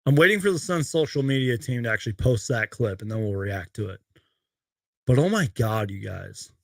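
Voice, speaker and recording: A young man hosting a live post-game fan stream from his bedroom, excitable on highlights and rambling in between. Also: moderate pace, creaky, dry recording, studio quality. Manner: excitable, loud outbursts on highlights, then rambling. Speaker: sports fan show host. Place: bedroom at home.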